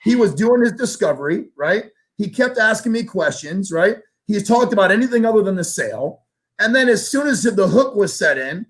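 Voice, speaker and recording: A man telling a story in a casual show conversation, animated, acting out the voices of the people in it. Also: high-pitched, normal speed. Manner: animated, acts out voices in anecdotes, casual swearing. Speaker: guest storyteller.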